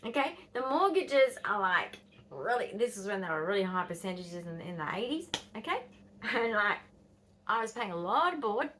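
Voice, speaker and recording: A woman's voice: medium pitch, sing-song, normal speed, a bit bright, a little hiss or hum. An Australian woman in her fifties telling a rambling, blunt story to camera, swearing and dropping into whispers. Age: 50s. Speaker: vlogger.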